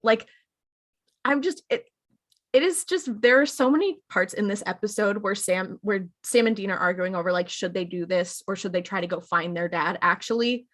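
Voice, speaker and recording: A woman's voice: mid-range voice, normal speed, a bit bright. A woman co-hosting a podcast, recapping a TV episode in casual, filler-heavy chat. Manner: chatty, filler-heavy, retells scenes with quoted lines. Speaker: podcast co-host.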